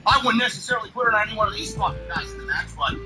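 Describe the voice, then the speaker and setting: A man rants through exasperated, sarcastic wrestling commentary, swearing heavily in a high-pitched voice at very fast speed. The audio is poor, with his voice off-mic and music behind it.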